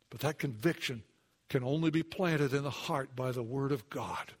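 A man preaching a sermon in an earnest, conversational way, dropping his voice low for emphasis and rising when he acts out a doubter's words. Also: moderate pace, slightly rough. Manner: occasional restarts, conversational asides. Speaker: pastor.

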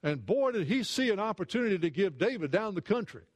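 A man preaching a sermon in an earnest way, repeating words as he goes, rising when he retells a story and dropping low for asides. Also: sing-song, fast talker.

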